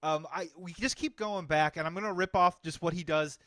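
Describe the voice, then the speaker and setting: A man's voice: a little high, brisk, a bit bright, no echo. A man hosting a casual film podcast, chatting with enthusiasm and rambling asides. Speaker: podcast host.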